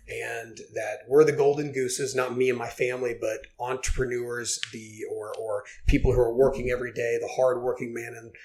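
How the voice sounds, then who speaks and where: A man in his forties from Oklahoma is a guest on a casual podcast interview, telling his story in an earnest, heartfelt way with lots of filler words. His voice is medium in pitch and a little mellow, with slight background noise.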